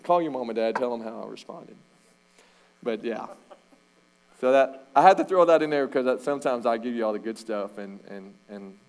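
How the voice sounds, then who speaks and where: Middle-aged man, slightly low voice, a coach telling stories from the pulpit with sudden loud bursts. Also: low-quality recording. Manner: storytelling, animated, with loud shouted bursts. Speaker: coach and church speaker. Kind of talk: informal sermon talk. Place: church.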